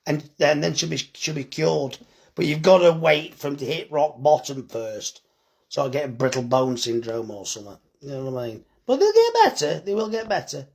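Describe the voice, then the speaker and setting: A man's voice: mid-range voice, steady tone, moderate pace, creaky. A tired man, chatting bluntly and joking with swearing while reading comments on a live phone stream about his butcher's shop.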